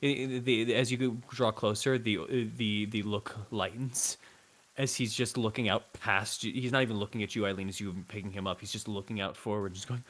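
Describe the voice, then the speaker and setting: A man's voice: fairly low pitch, fairly even intonation, normal speed, a bit bright, poor audio. A man running a tabletop game as game master, describing the scene in a rambling, hesitant way.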